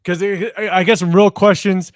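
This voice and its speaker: A man's voice: high voice, steady tone, normal speed. A man hosting a casual sports chat, urging his guest on with short eager interjections. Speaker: host.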